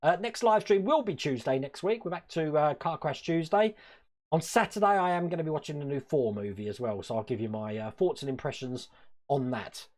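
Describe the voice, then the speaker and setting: A man's voice: a little high, animated, fairly quick. A man from Wales hosting a casual live stream from his hobby room, rambling, chuckling often and answering chat.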